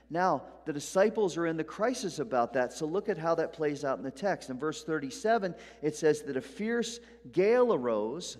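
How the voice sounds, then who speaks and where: A male pastor delivers a sermon with a somewhat high-pitched voice. He drives his points with rising force and then pulls back to a near hush. His words carry a long reverb, as in a large sanctuary. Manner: emphatic preaching, swinging between hushed and loud.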